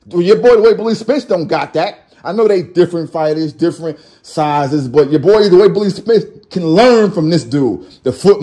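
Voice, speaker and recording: A man with a high-pitched voice calls a boxing match casually, loud and animated. His talk is slangy and full of trash talk, and it jumps between excitement and mocking asides. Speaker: boxing commentator. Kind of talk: casual live fight commentary.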